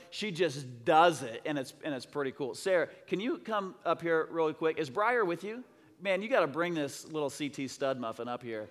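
Male pastor, slightly high voice, excitable rambling sermon, long church reverb. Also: normal speed. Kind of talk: sermon storytelling. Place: church sanctuary.

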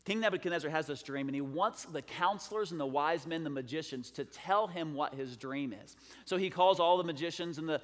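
Guy preaching, chatty storyteller, slightly high voice, long echo like a big hall. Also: fairly quick, hardly any pauses. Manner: conversational, storytelling. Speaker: pastor. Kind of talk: sermon.

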